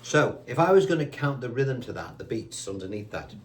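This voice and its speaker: A man's voice: medium pitch, big pitch swings, a little fast, slight background noise. A man teaching a guitar lesson, chatty and reassuring, counting notes aloud while seated indoors. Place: indoors, seated on a squeaky chair.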